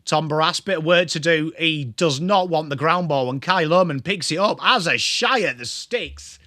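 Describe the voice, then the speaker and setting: A young man with an English accent hosts a live football watchalong, moving between calling the play and greeting his chat by name. His voice is bright and fairly high, with a lively, bouncing pitch. The sound is dry and close. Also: no echo. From England. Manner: chatty, greets viewers, lively. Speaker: livestream host.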